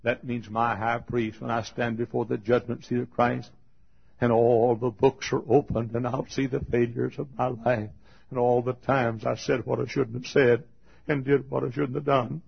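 A man preaching a fiery funeral sermon, swinging from shouted high cries to hushed low tones and laughing between phrases, in a dull lo-fi recording. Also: flat delivery, normal speed, gravelly, slightly rough.

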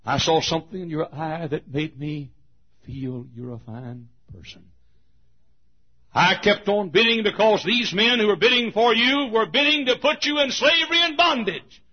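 A male preacher voicing a kind, gentle man who speaks low and hushed on a lo-fi sermon recording. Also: expressive, normal speed. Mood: tender. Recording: dull lo-fi old sermon tape.

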